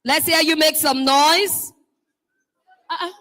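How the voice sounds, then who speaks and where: A Nigerian woman hosting a live event, calling out schools one by one, playful and teasing, often shouting to get the crowd going. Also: high-pitched, fairly even intonation, slow. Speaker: event host.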